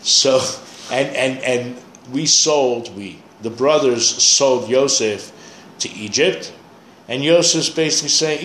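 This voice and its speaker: A man's voice: medium pitch, slow, a bit bright, a little hiss or hum. Man teaching a Bible class in an echoey room. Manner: explains Hebrew words, thinks aloud with restarts. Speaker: Torah teacher. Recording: echoey room, faint ambience.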